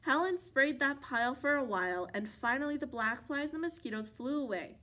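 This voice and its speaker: A woman from a library reading a children's picture book aloud, expressive and playful, with funny sound effects. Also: high-pitched, brisk. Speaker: library storyteller.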